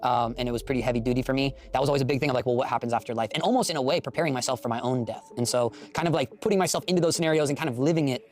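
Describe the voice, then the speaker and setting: A man's voice: medium pitch, racing, few pauses, a little mellow. A man who makes art, talking in a reflective, casual way, earnest and apologetic and full of "kind of" and "like". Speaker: artist and content creator.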